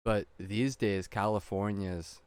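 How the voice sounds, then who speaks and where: A man's voice: lowish voice, fairly even intonation, slow pace, darkish tone, clean tone, no echo. A man from Canada in a casual podcast chat, laid-back and joking. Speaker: podcast co-host.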